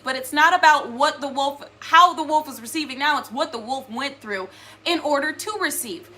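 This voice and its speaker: A woman's voice: sits high, moderate pace, sharp tone. A woman giving a casual spiritual reading to her viewers, earnest and rambling, with many filler words. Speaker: spiritual reader.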